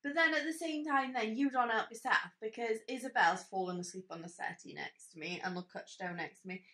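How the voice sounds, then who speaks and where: A woman's voice: on the high side, fairly quick, fairly bright tone. Exasperated young woman, roomy sound. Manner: teasing, exasperated banter. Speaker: podcast co-host. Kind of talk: casual chat. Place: home. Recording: roomy home recording.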